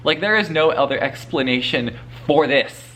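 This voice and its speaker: A man's voice: on the high side, lively intonation, normal speed, fairly bright tone. A man chatting casually in a vlog about a book he is reading, swearing freely and laughing often. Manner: profane, gushing and laughing often. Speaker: book vlogger. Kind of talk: casual spoiler vlog talk.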